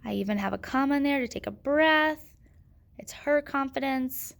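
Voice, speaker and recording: A woman's voice: sits high, normal speed, creaky. A woman teaching a grammar lesson, patiently asking questions and answering them herself.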